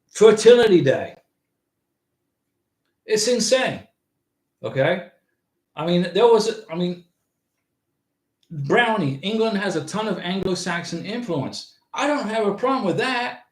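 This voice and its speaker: High-pitched guy rambling on his livestream, reading out chat, lots of room echo. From United States. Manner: rambling, talks back to viewers' chat. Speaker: livestream host.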